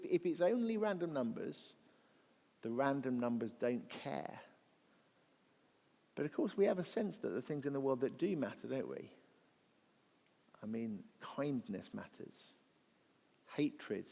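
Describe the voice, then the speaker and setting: A man of mid pitch gives an apologetics talk to a gathered audience, thinking aloud with rhetorical questions and the odd restart. His conversational voice carries the long reverb of a large church hall. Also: gravelly, warm tone. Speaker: guest speaker at a church event.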